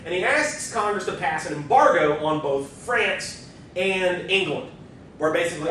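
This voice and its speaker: A man's voice: lively intonation, sharp tone. Casual male professor in an echoey hall. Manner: casual and conversational, with quick asides. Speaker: history professor. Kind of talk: university lecture. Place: lecture hall. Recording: distant mic, very echoey lecture hall, faint rumble.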